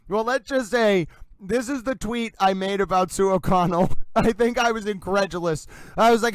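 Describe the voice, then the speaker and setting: A young man hosts a casual livestream in a rambling, excitable way, sounding wired from caffeine. His voice sits high and comes across clean and resonant. The recording is dry and close, with almost no room sound. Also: normal speed, long pauses, smooth, no echo, low-quality recording. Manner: excitable, rambling, chatty with laughs. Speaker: livestream host.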